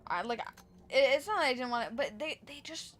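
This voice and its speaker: A woman's voice: high voice, expressive, a little fast, fairly bright tone. A young woman streaming a game and telling a rambling, exasperated story about work, full of restarts and fillers. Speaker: live streamer. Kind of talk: casual storytelling while gaming.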